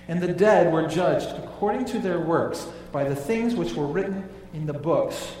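A man preaching a sermon, emphatic, dropping low and quiet on key phrases. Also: normal speed, distant mic, soft background music. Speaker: pastor. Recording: echoey hall, voice from off-mic.

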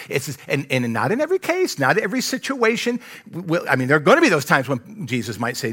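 A middle-aged pastor preaching with a bright, forward voice that rises and falls widely. He swings from loud, excited bursts to hushed asides, acting out the quotes in the story. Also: a little high, fairly quick. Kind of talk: sermon.

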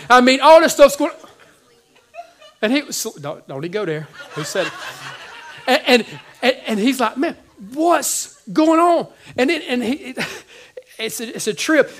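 A male pastor preaching a sermon in casual slang, swinging between loud and hushed. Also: high voice.

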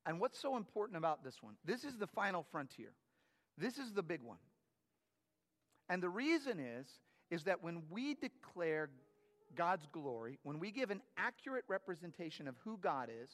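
Middle-aged male pastor, higher voice, energetic sermon, long reverb. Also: moderate pace. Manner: energetic, repeats himself with restarts. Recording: long church hall reverb.

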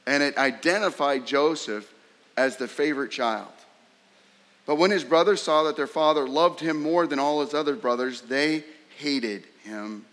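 Man, preacher, sermon, mid pitch, emphatic, rhetorical questions, long hall reverb. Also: fairly bright tone. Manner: emphatic, rhetorical questions, voice rising sharply when acting out the brothers' scorn.

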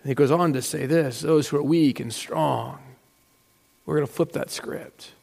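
A man's voice: fairly high pitch, normal speed, gravelly, a little mellow. A man preaching a sermon in a conversational, storytelling way, acting out little asides as he goes. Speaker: pastor. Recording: long hall reverb.

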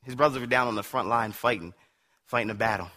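A man giving a casual sermon, telling stories in an animated, laughing way with slang like "dude" and "man". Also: medium pitch, fast talker. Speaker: preacher.

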